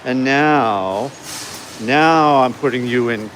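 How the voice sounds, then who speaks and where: A New York delivery driver talks slowly in a mid-range, fairly bright voice during a casual phone-camera livestream from his car and a store. He's chatty and rambling with chat viewers, and slight background noise comes through.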